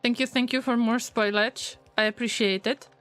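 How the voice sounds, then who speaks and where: Woman, game streamer, non-native English, chatty, slightly high voice, soft music behind. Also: steady tone, moderate pace. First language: not English. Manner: chatty, talks to her viewers. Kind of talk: casual livestream chat while gaming.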